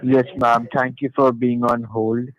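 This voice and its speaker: A man's voice: medium pitch, little pitch movement, a little slow. Formulaic male phone agent, lo-fi line. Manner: formulaic, repeats "ma'am". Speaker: scam call-center agent. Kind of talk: phone call.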